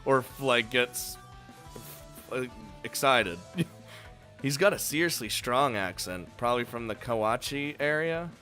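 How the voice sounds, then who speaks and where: A man's voice: mid-range voice, lively intonation, a little slow, pauses often, pushed and bright, faint music behind. A man reading a visual novel aloud and breaking off into jokey, swearing, laughing asides. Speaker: let's play host.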